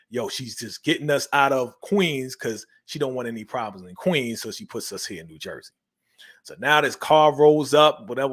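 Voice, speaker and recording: Slangy man recapping a TV episode. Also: medium pitch. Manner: slangy, retells scenes by voicing quotes. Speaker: TV show recap host.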